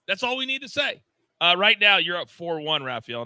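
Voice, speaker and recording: Excitable male sports betting host. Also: sits high, fairly quick, dry recording. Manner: loud, excitable, self-deprecating. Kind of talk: live sports betting show chat.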